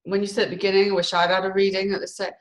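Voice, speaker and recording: A woman's voice: mid-range voice, little pitch movement, very fast. A woman co-hosting a live stream, reading out numerology numbers, apologetic and giggly. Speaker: numerology co-host.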